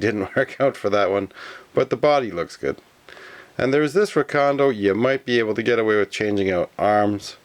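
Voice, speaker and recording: A man from Canada, a toy collector talking casually through his collection, chuckling often and stumbling over names. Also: on the low side. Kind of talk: casual show-and-tell commentary.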